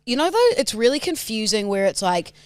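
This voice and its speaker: A woman's voice: on the high side, sing-song, a little fast, no echo. A woman co-hosting a podcast, chatting and teasing in casual banter. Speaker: podcast co-host.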